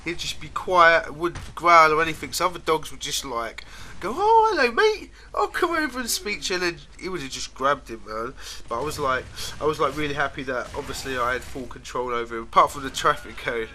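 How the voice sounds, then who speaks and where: A man's voice: medium pitch, fairly even intonation, brisk, bright, forceful tone, a little hiss or hum. A man casually telling rambling stories to camera, laughing often and trailing off mid-sentence. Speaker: vlogger. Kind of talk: casual storytelling.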